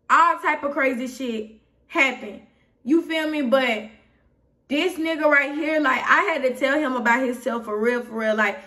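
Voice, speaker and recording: A young Atlanta woman with a high voice runs through a story in a loose, rambling way, checking in with her listeners again and again. She sounds a little distant from the mic. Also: bright, forceful tone. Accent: Southern US, Atlanta. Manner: rambling and candid, frequent "you feel me", growing heated. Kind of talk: casual storytime vlog.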